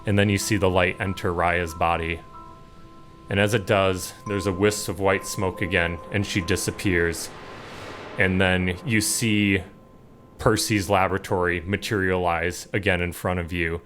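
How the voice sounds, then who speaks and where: A man narrating a tabletop game as game master, calm and descriptive. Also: low-pitched, measured pace, faint music behind.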